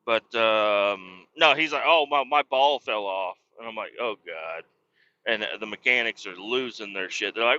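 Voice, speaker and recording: A man's voice: medium pitch, moderate pace, sharp tone, no room sound, muffled recording. A man, a truck driver, hosting a podcast and telling a rambling story in casual, profane talk, raising his voice when he quotes people.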